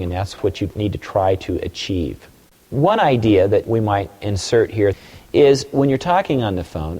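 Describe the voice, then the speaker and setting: Man, sales trainer, emphatic coaching, lively pitch swings, long echo. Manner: emphatic, animated coaching with acted-out phone examples. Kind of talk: recorded sales training talk.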